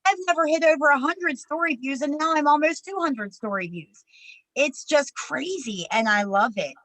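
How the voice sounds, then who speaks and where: A woman's voice: high voice, expressive, normal speed, fairly bright tone, dry recording, poor audio. A woman co-hosting a morning video call, speaking in an upbeat, encouraging way. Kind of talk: casual motivational chat.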